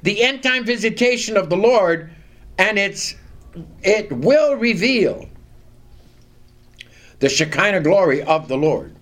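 A man preaching a sermon, reading scripture aloud and leading the congregation to repeat lines after him, stressing key words deliberately. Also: high-pitched, big pitch swings, fairly bright tone.

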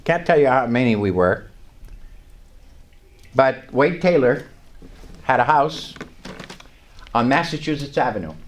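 An older man preaching a sermon in a church, telling a story with emphatic, rising lines. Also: medium pitch. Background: congregation responding.

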